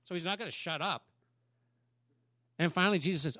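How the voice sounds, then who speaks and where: A male pastor delivers a sermon, telling a story with animated asides and questions to his congregation. His voice sits a little high. The sound is dry and close. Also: fast, long pauses, no echo.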